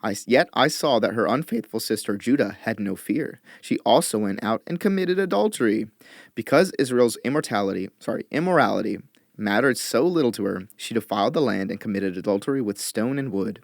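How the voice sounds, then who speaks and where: A man reading scripture aloud in a measured, expressive way, lifting his voice for quoted lines. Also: lowish voice, creaky, no echo, clean studio sound. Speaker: Bible reader.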